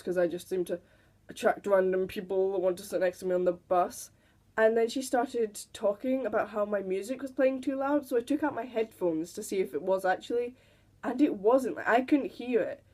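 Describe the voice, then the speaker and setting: A teenage girl vlogs to the camera, her voice warm and medium-pitched. She chats and giggles her way through stories, sometimes imitating people by doing their voices in quotes.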